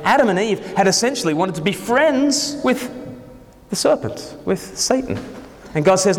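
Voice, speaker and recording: A man's voice: high-pitched, very animated, normal speed, long reverb tail. A man preaching a sermon, joking and putting questions to his congregation.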